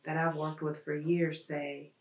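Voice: medium pitch, a little slow. Interview host, level delivery, probing, recorded from a distance with room echo. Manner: calm, probing questions and short affirmations. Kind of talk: interview questions. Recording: roomy echo, mic at a distance.

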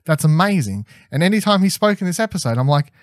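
A man's voice: high-pitched, animated, rapid-fire, no echo. Chatty, enthusiastic man in a dry room. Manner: enthusiastic, rambling, lots of fillers and restarts. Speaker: podcast co-host reviewing a TV episode. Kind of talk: casual chat.

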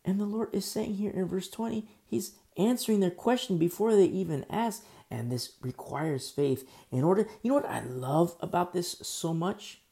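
A man preaching a sermon as pastor, animated and acting out people in the story. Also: high voice, normal speed, gravelly, few pauses.

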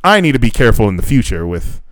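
A young man co-hosting a podcast tells a dating story at a quick pace, his voice medium in pitch with no echo. He swears freely and acts out the dialogue in an animated retelling.

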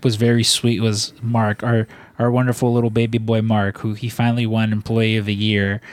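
A man's voice: lowish voice, level tone, normal speed, no room sound. A man chatting casually on a podcast, rambling with many fillers and restarts. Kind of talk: casual chat.

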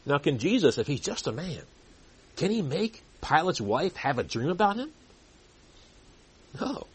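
A man preaching a sermon and reading scripture aloud, earnest and growing louder when he makes a point. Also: very animated, a little slow, pauses often, husky. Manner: earnest, rises in pitch and volume when emphatic. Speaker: pastor.

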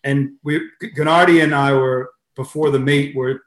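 A man's voice: medium pitch, fairly even intonation, normal speed, roomy sound. A middle-aged Australian man, a swimming coach being interviewed, who chats casually and tells stories with many fillers and restarts. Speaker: head swimming coach, guest.

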